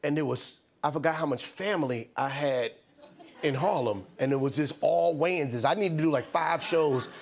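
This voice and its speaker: A man's voice: a little high, moderate pace, vocal fry. A man in his fifties, a comedian guest telling funny stories on a late-night talk show and acting out the people in them. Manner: acts out quoted voices, laughs through stories. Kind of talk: animated comic storytelling. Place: TV studio with live audience.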